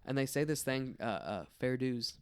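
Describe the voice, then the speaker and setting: A man's voice: medium pitch, expressive, normal speed, clear, resonant tone, dry recording, clean studio sound. An American man co-hosting a podcast in casual, rambling chat, laughing often. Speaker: podcast co-host. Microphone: dynamic vocal mic.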